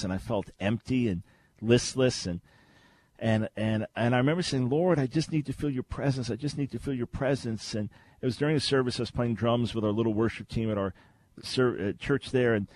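Animated man hosting a call-in show. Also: mid-range voice. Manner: lively storyteller who repeats key phrases. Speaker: radio host. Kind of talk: call-in radio teaching.

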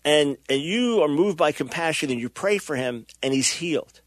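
A man's voice: fairly high pitch, expressive, normal speed, no echo. A middle-aged man hosting a radio talk show, preaching with impassioned, emphatic delivery and acting out the people he quotes.

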